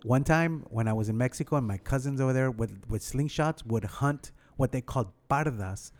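A middle-aged man telling stories in a casual chat, animated and swearing freely. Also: medium pitch, normal speed. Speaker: podcast co-host.

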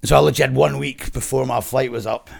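A middle-aged Scottish man telling a wild story to an interviewer, animated and sweary, laughing as he goes. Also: mid-range voice, fast, creaky. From Scotland. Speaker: guest. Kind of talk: casual storytelling.

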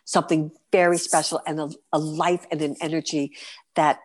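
Telling vivid stories with animation, a New York-accented woman in her fifties from New York City is interviewed on a podcast as a guest performer. She speaks at a moderate pace in a deep voice.

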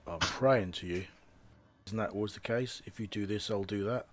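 A man's voice: on the low side, normal speed. A man playing a tabletop game, speaking in character in a wry, matter-of-fact way. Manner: wry, matter-of-fact, talks back plainly. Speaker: player. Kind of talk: casual in-character play.

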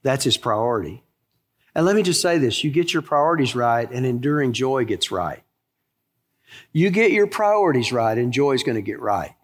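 A man preaching a sermon as a pastor, emphatic and storytelling, slowing to stress key words and speeding up through quick asides. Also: mid-range voice, lively intonation, big-room sound.

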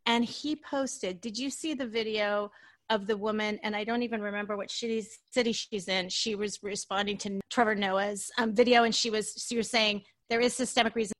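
A woman's voice: medium pitch, a bit bright. A woman hosting a conversational interview, emphatic and questioning as she makes her point. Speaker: host.

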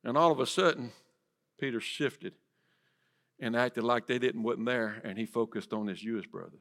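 A man preaching a sermon in church, swinging from loud to hushed and asking the congregation direct questions. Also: medium pitch, normal speed. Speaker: pastor. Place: church sanctuary.

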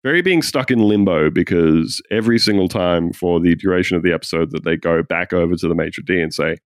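A man's voice: deep voice, a little fast, no echo, clean studio sound. A man co-hosting a podcast, chatting casually about a TV episode and restarting his sentences as he talks. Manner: rambling, restarts mid-thought. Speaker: podcast co-host.

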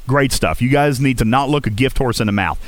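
A man's voice: mid-range voice, a little fast, no room sound. A man hosting a gaming podcast, talking casually and coaching listeners, often checking in with "okay?". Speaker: podcast host.

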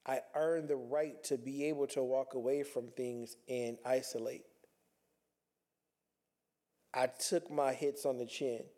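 A man's voice: medium pitch, steady tone, unhurried, long pauses, dark tone. A man talking earnestly in a reflective personal monologue, conversational and repeating himself as he works through his thoughts.

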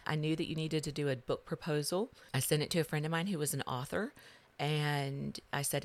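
A middle-aged woman with a notably low voice tells her story as a podcast guest. She swings between loud bursts and hushed passages. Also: fairly even intonation, fairly quick. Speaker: guest, author.

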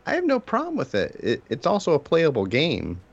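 Lively low male co-host, dull audio. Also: brisk, creaky. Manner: brief, reactive. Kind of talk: casual gaming chat. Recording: dull audio with faint hiss.

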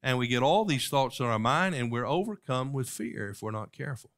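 A man's voice: mid-range voice, expressive, a little fast, fairly bright tone. A man preaching a sermon as a pastor, reciting King James scripture with impassioned, soaring rises.

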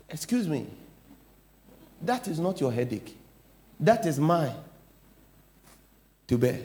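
A middle-aged man, a pastor with a Ghanaian English accent, preaching a sermon, swinging from quiet asides to loud declarations. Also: fairly high pitch, very animated, measured pace, pauses often.

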